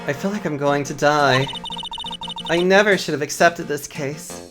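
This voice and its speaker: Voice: mid-range voice, measured pace, natural voice. A streamer voicing a nervous young female defense lawyer, in a hesitant, polite manner. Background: game music.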